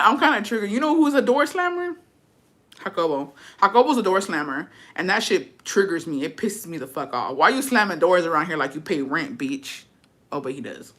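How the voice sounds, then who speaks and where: A woman's voice: fairly low pitch, sing-song, a little fast, fairly bright tone. A young woman streaming, chatting casually and reading comments aloud, profane and sassy, laughing often. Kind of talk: casual live-stream chat.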